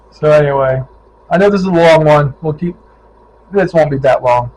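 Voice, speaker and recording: A middle-aged man from Ohio chats through a casual vlog, telling road stories with lively acted-out quotes. His voice sits a little high for a man. Faint ambient noise hums behind him. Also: measured pace, long pauses, rough recording. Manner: animated storyteller, acts out quoted voices. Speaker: vlogger, touring cyclist.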